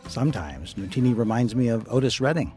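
A man's voice: medium pitch, animated, brisk, music in the background. A man hosting a radio interview, asking curious, friendly questions and laughing easily.

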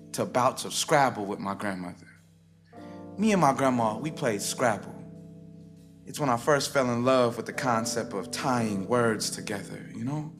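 A man, a rapper telling a spoken-word story in a rhythmic, wry way with dramatic pauses. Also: medium pitch. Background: guitar music.

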